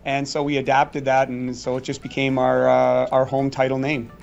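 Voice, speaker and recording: A man's voice: medium pitch, monotone, moderate pace, vocal fry, darkish tone, lo-fi sound, soft background music. A middle-aged man answering interview questions in a chatty, storytelling way, with fillers and restarts. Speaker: guest magician.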